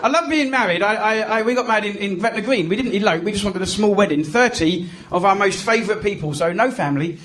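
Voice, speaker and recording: A man's voice: high-pitched, fast, few pauses. A man in his thirties with an English accent, doing a chatty, self-mocking stand-up set and teasing the audience. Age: 30s. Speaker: stand-up comedian. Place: comedy club stage. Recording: live club recording with crowd noise. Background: audience laughter and room noise.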